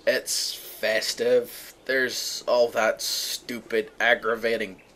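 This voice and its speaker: A man's voice: mid-range voice, flat delivery, slow pace, bright, forceful tone. A young man from the UK ranting sarcastically to his viewers, profane and exasperated. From United Kingdom. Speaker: vlogger. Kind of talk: ranting monologue to camera.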